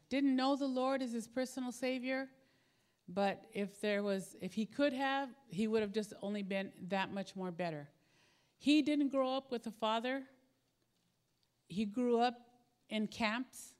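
A middle-aged woman, a pastor's wife, preaching a sermon in a warm, conversational storytelling way. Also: fairly high pitch, smooth.

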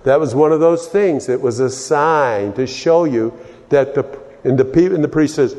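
A man's voice: on the high side, moderate pace, mellow, long reverb tail. A man from Texas preaching a sermon in a rambling way, often restarting his sentences and wandering into asides.

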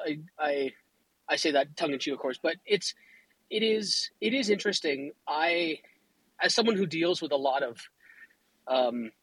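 A fairly high-voiced man from Canada talks in a wry, tongue-in-cheek way, stopping and restarting his sentences. His voice is husky and breathy. The recording is dry, with no room sound. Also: no echo, poor audio. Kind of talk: casual chat.

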